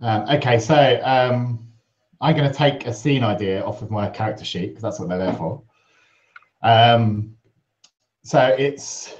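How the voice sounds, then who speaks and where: A man's voice: mid-range voice, a little slow. A man narrating his part in a tabletop game in a casual, hesitant way, on a dull lo-fi recording. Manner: casual, hesitant, many fillers. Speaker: player.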